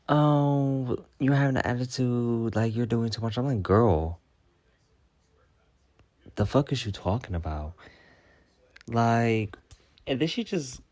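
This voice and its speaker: A man ranting through a storytime vlog, profane and exasperated, firing off rhetorical questions. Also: fairly low pitch. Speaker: storytime vlogger. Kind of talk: casual storytime rant.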